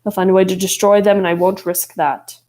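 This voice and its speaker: A woman voicing a gloomy, brooding male god of the dead, speaking low and pleading. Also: level tone, brisk, dark tone, close to an everyday voice.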